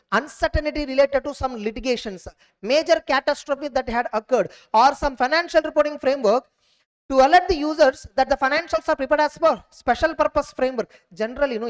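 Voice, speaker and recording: A woman giving an exam revision lecture, drilling points and often checking that students follow. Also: fairly high pitch. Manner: drilling, keeps checking understanding with quick questions. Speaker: teacher.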